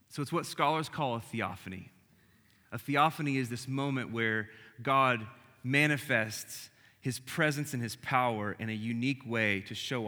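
A male pastor with a bright, forceful voice gives a conversational sermon, lively and casual at times and hushed at others. His voice rings through a hall with a long reverb tail. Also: mid-range voice. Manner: casual and animated, dropping to soft hushed tones. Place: church hall with audience.

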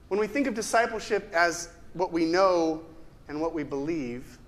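A man with a notably high-pitched voice delivers a sermon. He speaks conversationally, often posing rhetorical questions to the congregation and doubling back on a word now and then. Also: expressive, moderate pace. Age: adult with a ten-year-old son. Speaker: pastor.

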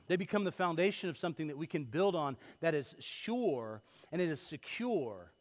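A man preaching a sermon as pastor, telling everyday stories in a lively way that swings from loud to hushed. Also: a little high, moderate pace. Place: church sanctuary. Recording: long hall reverb.

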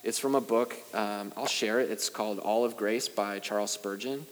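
A man's voice: fairly low pitch, fairly even intonation, normal speed, big-room sound. A young adult male pastor preaching a sermon in a casual, self-deprecating way, with rising emphasis at key points. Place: church sanctuary.

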